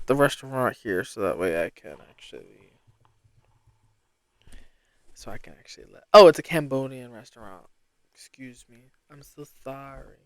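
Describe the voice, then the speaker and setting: A young woman from Rhode Island hosting a casual solo podcast, rambling and self-deprecating with sudden bursts of excitement. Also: rumbling low, a little slow, long pauses, dry recording. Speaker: podcast host.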